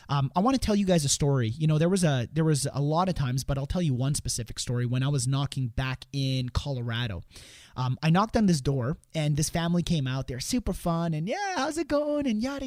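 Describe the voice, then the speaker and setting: A man's voice: fairly high pitch, lively intonation, a little fast, a little mellow, no room sound, clean studio sound. A man hosting a sales coaching show, talking casually and rambling, often restarting sentences. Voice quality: rambling, repeats words and restarts, acts out quotes in a raised voice.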